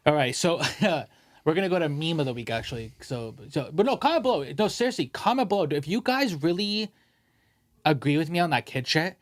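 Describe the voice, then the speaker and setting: Young male podcast co-host, slightly higher voice, animated storytelling with slang and cursing, recorded dry. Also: no echo. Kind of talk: casual podcast rant.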